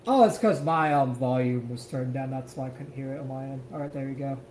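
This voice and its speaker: A man's voice: medium pitch, a little fast, reverberant, noisy background. A man co-hosting a live stream, reacting to a clip in an emphatic, profane rant. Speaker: stream co-host.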